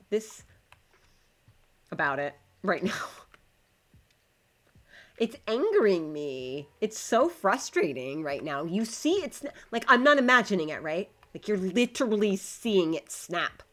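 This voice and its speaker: A woman's voice: sits low, a bit bright. A woman streaming live, chatting casually to her viewers and to the game while she builds, swearing when it frustrates her.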